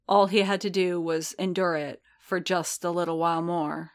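A woman narrating a story in a slow, measured, even reading. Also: lowish voice. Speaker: audiobook narrator.

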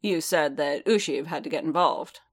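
A woman voicing a gruff, suspicious male warlord who speaks bluntly. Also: sits low, normal speed.

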